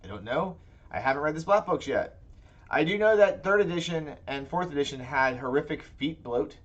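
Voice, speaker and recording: A man's voice: fairly high pitch, lively intonation, moderate pace, highs cut off. A man co-hosting a casual tabletop gaming podcast, talking in rambling, self-interrupting chat. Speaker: podcast co-host.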